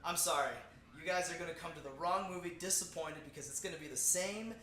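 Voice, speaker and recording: A man co-hosting a casual movie review chat, animated and quick to laugh, acting out lines and humming a theme. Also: a little high. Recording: echoey room.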